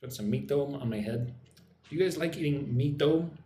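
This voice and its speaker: A man's voice: medium pitch, brisk, mellow. A man from Texas, an English teacher, chatting casually and playfully on a live stream. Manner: playful, chatty, amused exclamations. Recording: roomy echo, faint background noise.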